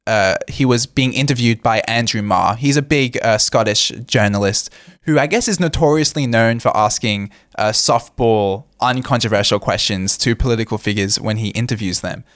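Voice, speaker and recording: A man's voice: on the low side, normal speed, fairly bright tone, no echo. Earnest young man, dry close voice. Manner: earnest, with frequent "uh" fillers. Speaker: co-host. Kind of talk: casual political commentary.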